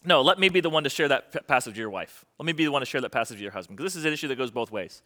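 A man's voice: medium pitch, expressive, very fast, pushed and bright. A male pastor preaching a sermon, emphatic and repeating his key phrases for effect.

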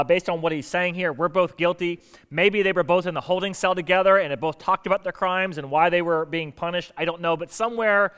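A man preaching a sermon as pastor, animated, asking rhetorical questions and acting out quoted lines. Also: high-pitched, clean tone.

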